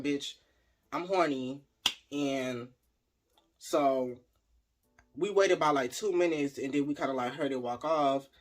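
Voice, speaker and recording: Chatty man telling a storytime, raised pitch. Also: husky. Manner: animated, chatty, addresses viewers directly. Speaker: vlogger. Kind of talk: casual storytime.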